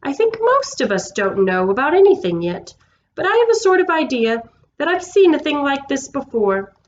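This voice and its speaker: A woman voicing a slow, thoughtful talking horse in a storybook reading, dreamy and muddled. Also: sits high, sing-song, dull audio, a little hiss or hum, voice pushed up. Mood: puzzled.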